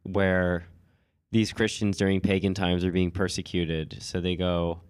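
A man co-hosting a podcast with a cold, telling stories in a relaxed chatty way with lots of "like" and small laughs. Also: low-pitched, unhurried, clean tone, no echo, studio quality. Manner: relaxed storytelling with frequent "like" and laughs. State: has a cold. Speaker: podcast co-host. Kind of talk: casual chat.

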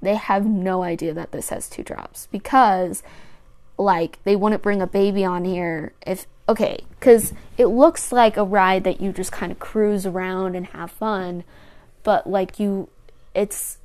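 A woman's voice: medium pitch, steady tone, a little slow, a little mellow. Chatty young woman rambling a story. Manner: rambling and chatty, many fillers and restarts. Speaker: podcast host. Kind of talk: casual storytelling monologue.

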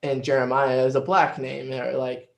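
A man's voice: medium pitch, level tone, normal speed, gravelly, echoey room. A man who is a guest on a casual podcast, rambling and chatty with lots of fillers.

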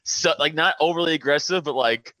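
A man's voice: fairly high pitch, brisk, pushed and bright, no room sound. A man co-hosting a podcast in casual chat, rambling, laughing often and swearing freely. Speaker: podcast co-host.

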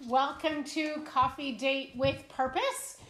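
Woman, middle-aged, chatty devotional host, higher voice, echoey room. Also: fairly even intonation, takes it slowly. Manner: chatty, laughing, filler-heavy. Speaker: host of a devotional live stream. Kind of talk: casual devotional chat. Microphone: camera at home, seated.

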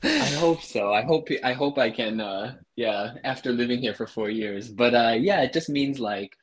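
A man's voice: medium pitch, normal speed, slight background noise. A man, a podcast guest, explaining things patiently and easygoing in casual chat. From USA.

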